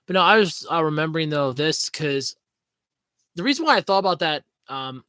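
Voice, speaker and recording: A man's voice: a little high, expressive, moderate pace, bright, forceful tone, smooth, no room sound. A man hosting a podcast in casual, rambling chat, swearing freely and laughing at his own jokes. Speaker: podcast host.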